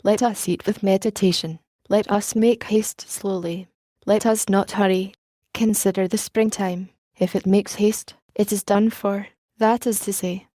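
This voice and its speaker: A woman reading the part of a pompous young male student lecturing his friends, in a measured, sermonizing way, for an audiobook. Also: medium pitch, mellow, dry recording, lightly acted.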